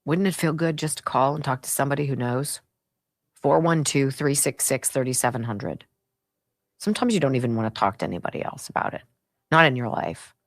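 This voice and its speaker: The clip captures a middle-aged female radio host delivering a sarcastic, opinion-heavy monologue and reading an ad, full of laughter and shifts between excited peaks and quiet grumbled asides. There's no room sound, just clean studio audio.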